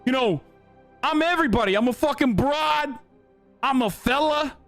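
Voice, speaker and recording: A crude, boastful old politician, as a man mocks him. The voice sits up high and swings in a brash, sing-song way, spitting out profanity. Faint music plays underneath. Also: normal speed, fairly bright tone, no echo. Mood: rambling. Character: mocking impression of a crude, boastful older male politician.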